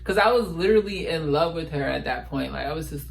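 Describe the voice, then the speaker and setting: A young man chatting casually to camera as a vlogger, animated, slangy and dramatic. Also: fairly high pitch, quick pace, gravelly, background noise.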